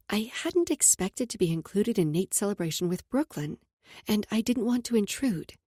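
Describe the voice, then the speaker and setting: Breathy woman narrating a romance audiobook. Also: mid-range voice, warm tone, no room sound. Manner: intimate, dropping to a whisper in close passages.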